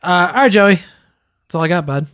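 Male podcast host, jokey storyteller, higher voice, dry booth sound. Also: moderate pace, a bit bright, smooth, no echo. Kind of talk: casual chat.

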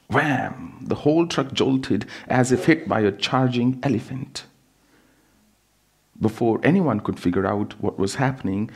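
Low-voiced man reading a story calmly. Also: vocal fry, slightly rough. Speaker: spiritual teacher and author. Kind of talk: reading his own book aloud.

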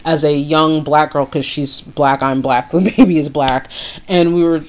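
A woman's voice: low voice, fairly even intonation, normal speed, a little hiss or hum. A woman co-hosting a podcast, telling stories in casual chat with frequent restarts and asides. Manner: chatty, storytelling with many restarts. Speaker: podcast co-host.

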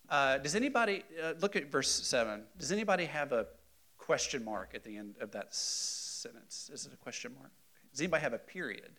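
A man teaching a Bible study class in a conversational, animated way, often checking in with the group and rising loud for emphasis. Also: fairly high pitch, normal speed.

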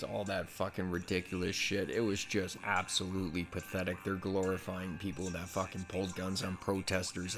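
A man's voice: deep voice, fairly bright tone. A man vlogging a casual commentary rant, heated and exasperated, swearing constantly.

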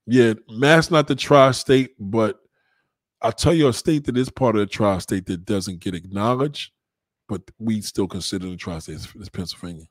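A young man hosts a casual livestream and talks straight to his viewers. His delivery is rambling and profane, full of street slang and shout-outs. His voice sits fairly low and the sound is dry, with no room around it. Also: normal speed, no room sound. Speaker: livestream host.

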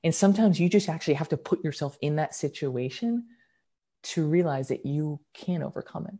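Young man, podcast guest; lively, enthusiastic storyteller with sudden bursts of energy. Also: a little high. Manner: animated, excited storytelling with quick bursts. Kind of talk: storytelling in casual conversation.

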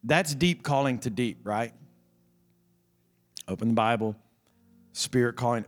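A man's voice: medium pitch, a little slow, long pauses. A middle-aged man preaching an earnest, impassioned sermon as pastor, repeating his phrases for emphasis. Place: church service. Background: soft music from the band.

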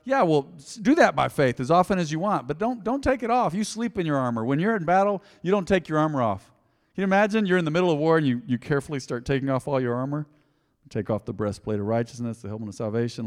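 A man preaching a sermon, telling a story and acting out the lines with lively swings in loudness. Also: medium pitch, fairly quick, big-room sound. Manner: animated preaching, acting out quotes. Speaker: pastor.

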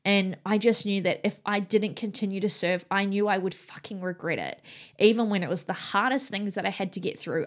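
A woman's voice: mid-range voice, lively intonation, moderate pace. A woman in her thirties from New Zealand, a gym owner and coach, talking candidly and emotionally, swearing freely and rambling with many fillers. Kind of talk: candid personal monologue.

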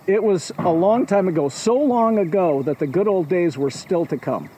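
A man's voice: high voice, normal speed, dark tone, slight background noise, low-quality recording. A man telling a folk tale at a storytelling festival, playful, with chatty asides to the audience.

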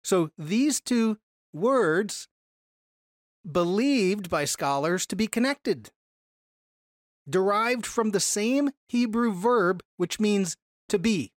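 A teacher giving a Bible study lecture to a class, explaining with animated emphasis on key words and frequent self-corrections. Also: mid-range voice, slow, long pauses, dry recording, clean studio sound.

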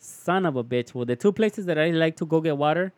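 A man's voice: on the high side, lively intonation, brisk, no echo. A young man, telling a story in casual chat, slangy and profane, calling his listener "fool" over and over.

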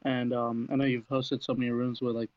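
A man's voice: medium pitch, flat delivery, brisk, no room sound. A man from the audience asking questions hesitantly, with many fillers. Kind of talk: casual question. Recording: dull, dry audio.

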